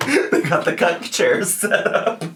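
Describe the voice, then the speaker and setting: A man's voice: sits high, very animated, slow pace, a bit bright, a little hiss or hum. A man with a Southern accent giving sassy, campy reaction commentary. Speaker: reaction video host.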